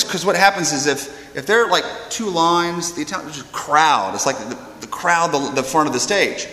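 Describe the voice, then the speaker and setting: A young man, a priest, giving a homily as an animated story, acting out the voices of the people in it. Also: a little high, moderate pace. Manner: animated storyteller who acts out quoted voices. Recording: roomy hall echo.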